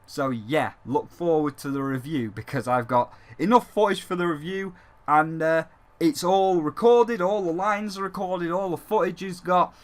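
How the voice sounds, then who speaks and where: With a fairly high voice at a moderate pace, a man hosts a casual gaming vlog on his channel. Rambling and joking, he swears freely and speaks as a dragon persona.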